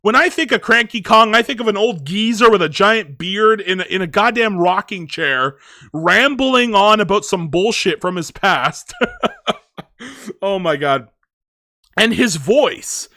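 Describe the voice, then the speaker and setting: A man's voice: high voice, lively intonation, unhurried, bright, forceful tone, no room sound, clean studio sound. A man giving a casual movie review, rambling with lots of filler words.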